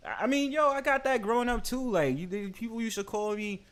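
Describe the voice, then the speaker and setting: A man's voice: very high-pitched, brisk, fairly bright tone. A man hosting a livestream in casual, slangy, joking chat, full of filler phrases. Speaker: stream host.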